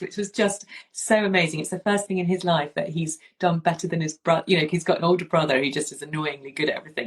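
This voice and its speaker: A woman in her forties chats casually as a podcast host. Her voice sits fairly low, and she rambles through her story with restarts and asides. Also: low-quality recording. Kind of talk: casual chat.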